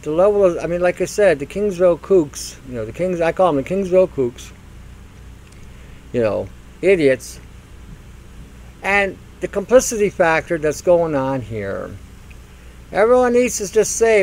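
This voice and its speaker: Older man, radio host, ranting monologue, mocking, slightly high voice. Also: animated, unhurried, pauses often, darkish tone, low-quality recording. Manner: mocking, acts out silly voices, laughs at own jokes.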